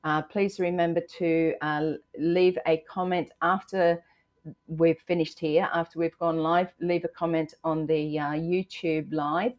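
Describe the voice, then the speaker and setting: An Australian woman in her sixties hosts a live stream and talks to her viewers directly. Her voice sits low, and she speaks in an encouraging way, reading out comments and filling her pauses with ums and uhs. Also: little pitch movement, highs cut off. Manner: warm, encouraging, many fillers, reads out viewer comments. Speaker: livestream host.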